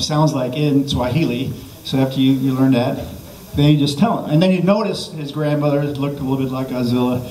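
A man's voice: medium pitch, animated, moderate pace, darkish tone. A man giving a jokey mock language lesson, rambling and restarting himself with constant okays. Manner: rambling, self-interrupting, lots of okays. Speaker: comedic language teacher. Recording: echoey room, distant mic.

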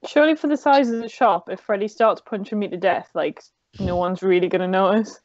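A woman's voice: medium pitch, brisk, darkish tone, no room sound. A woman playing in a tabletop game, laying out plans in a matter-of-fact way, through a slightly dull mic. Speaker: player. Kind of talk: casual tabletop game chat.

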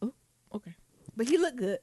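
A woman co-hosting a casual podcast chat, animated, laughing often and singing snatches of songs. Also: on the high side, brisk, breathy edge, no room sound, studio quality. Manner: animated, laughing, breaks into song. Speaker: podcast co-host.

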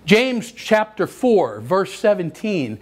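An older man preaching a sermon, telling stories with lively energy and sudden shouts. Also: high-pitched, takes it slowly. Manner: animated storytelling, acts out children's voices, bursts into shouts. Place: church sanctuary.

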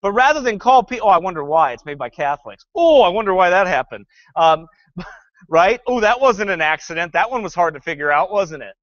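A man's voice: high-pitched, lively intonation, brisk, fairly bright tone, no echo, dull audio. A male pastor preaching a sermon that critiques a film, fervent and sarcastic by turns, often reading scripture aloud.

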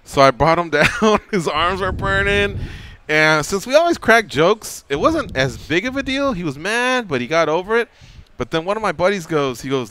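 A man's voice: sits high, moderate pace, clean tone. A middle-aged man hosting a radio show, telling a story casually and acting out the quotes. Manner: animated storyteller, acts out quotes.

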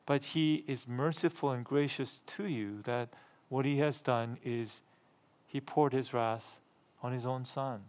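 A middle-aged pastor preaching a sermon, repeating phrases for emphasis and asking the congregation questions, rising in volume when he reads scripture. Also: measured pace. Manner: gets louder and higher when reading scripture aloud.

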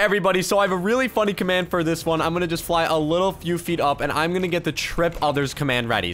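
A young man giving excited gameplay commentary, quick to yell and laugh, with loudness that swings fast. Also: on the high side, slight background noise. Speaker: gaming YouTuber.

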